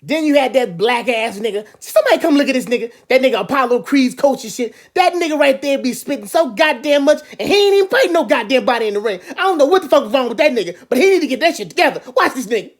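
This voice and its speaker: A woman comedian doing a loud, profane comedic rant, full of animated asides and quick impressions. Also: high voice, slight background noise. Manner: animated, profane, jumps into mimicry. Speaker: comedian vlogger.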